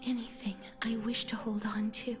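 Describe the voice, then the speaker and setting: A grieving young woman whose touch brings death, as an actress plays her in a game, breathing her lines in a hushed, breathy whisper for a whispered role-play. Her voice sits a touch high and hangs in a long, lingering reverb with soft game music underneath. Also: level tone, moderate pace, natural voice. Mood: sorrowful. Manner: soft, mournful, resigned. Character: sorrowful young woman cursed with a deadly touch.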